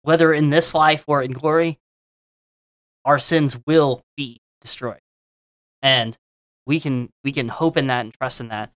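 A man's voice: medium pitch, fairly even intonation, unhurried, pauses often, fairly bright tone, dry recording. Brief: man with a mid-range voice, earnest and encouraging, dry close mic. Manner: earnest, exhorting, with repeated phrases. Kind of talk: casual conversation about faith.

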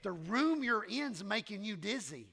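A man preaching a sermon, animated and repetitive, leading the congregation in call-and-response in a church. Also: high voice, unhurried, gravelly. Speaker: pastor. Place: church sanctuary.

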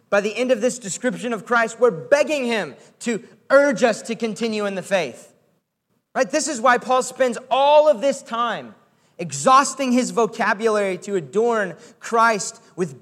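A man's voice: high-pitched, a bit bright, big-room sound. A man preaching a sermon in an earnest, emphatic way, repeating key phrases for weight.

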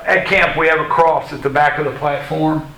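A man preaching a sermon to a congregation in a church, emphatic and deliberate, with a sarcastic edge at times. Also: fairly high pitch, steady tone, bright, forceful tone, a little hiss or hum, low-quality recording. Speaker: pastor. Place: church sanctuary.

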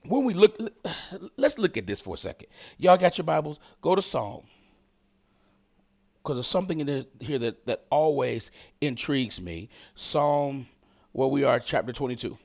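A man's voice: mid-range voice, big pitch swings, moderate pace, creaky, darkish tone. A man preaching a sermon as pastor, addressing the congregation directly with rising intensity and call-and-response asides.

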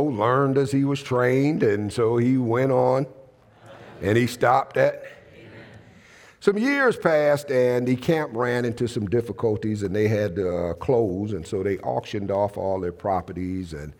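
A man's voice: medium pitch, expressive, a little mellow, long reverb tail. A man preaching a Pentecostal sermon in a church. He tells stories and draws out emphatic phrases, and he calls on the congregation to answer back. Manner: storytelling, drawn-out emphatic phrasing. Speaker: pastor. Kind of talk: Pentecostal sermon with call-and-response.

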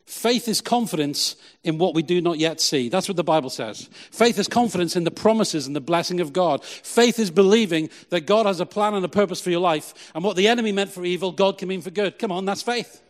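A middle-aged man, a pastor, preaching a sermon with emphatic, slow, repeated phrases. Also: sits high, big-room sound.

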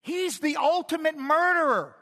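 A middle-aged man preaching a sermon as pastor, animated and conversational, swinging from loud to hushed. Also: extremely high pitch, moderate pace. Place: large church hall. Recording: long hall reverb.

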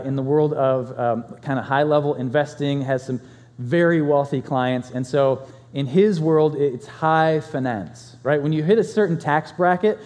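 A male pastor preaching a conversational sermon, telling stories with animated swings in loudness. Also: on the high side, long reverb tail.

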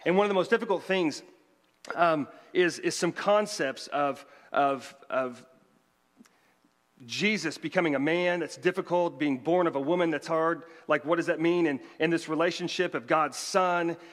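A man's voice: a little high, normal speed. A man, a pastor, delivering a conversational sermon with joking asides to the congregation. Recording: long hall reverb.

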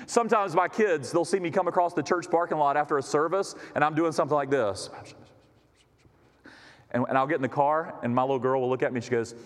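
Impassioned high-pitched male preacher. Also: a little fast. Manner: impassioned preaching, rising and dropping dramatically. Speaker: pastor. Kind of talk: sermon. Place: church sanctuary. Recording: long reverb of a church hall.

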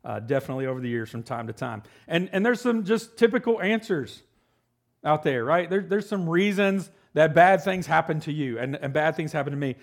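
A man's voice: on the high side, lively intonation, brisk. A man in his forties giving a casual, joking sermon as pastor, often checking in with the congregation. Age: 40s. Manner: conversational, joking, asks "right?" often.

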